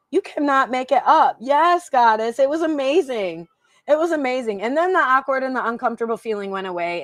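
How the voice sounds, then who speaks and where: A woman's voice: mid-range voice, no room sound, clean studio sound. A woman from Michigan, a psychic hosting a live stream, chatting casually and emotionally, laughing often and repeating herself.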